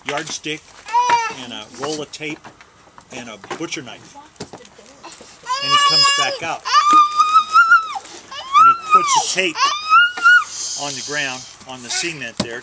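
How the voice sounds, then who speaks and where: A father telling a long joke at home in an unhurried way, now and then slipping and correcting himself, filmed on a handheld camcorder. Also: medium pitch, heavy background noise. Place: family home. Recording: home video, baby crying loudly.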